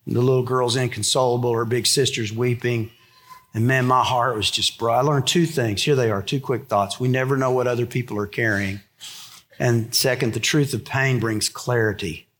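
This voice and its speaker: A man preaching a sermon, telling a story in a conversational way and going low and quiet for the solemn points. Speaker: pastor.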